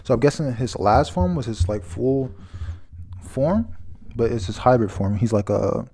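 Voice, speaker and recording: A man's voice: mid-range voice, expressive, a little slow, warm tone, breathy edge. A man casually reviewing a manga chapter, rambling with lots of fillers and stopping to reread lines. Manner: rambling, many fillers, reads quotes aloud, stumbles and restarts.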